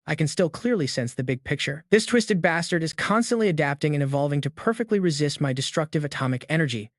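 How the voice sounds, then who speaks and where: A man voicing a calm, overwhelmingly powerful young male hero who speaks with cold contempt. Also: on the high side, fast talker, no echo, studio quality, lightly acted. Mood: contemptuous.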